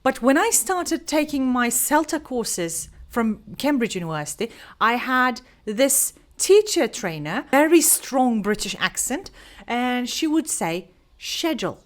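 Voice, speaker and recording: Speaking to camera in a high, very animated voice, a young Turkish woman leads a relaxed English pronunciation lesson. She goes through each word and illustrates it with example sentences.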